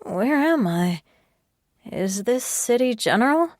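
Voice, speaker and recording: A woman's voice: on the high side, very animated, slow pace, no echo, clean studio sound, voice pushed up. A woman voicing an injured young woman who is shaky and pleading. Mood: tearful, pleading. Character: hurt, tearful young woman in hospital.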